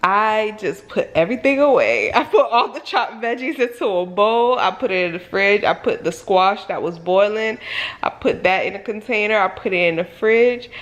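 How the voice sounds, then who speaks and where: A woman in the middle of a casual vlog storytime, talking at an ordinary mid pitch. Her talk is loose and full of fillers, and her voice leaps up high and loud on exclamations before settling back down. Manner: animated, filler-heavy retelling with many "like"s. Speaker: vlogger.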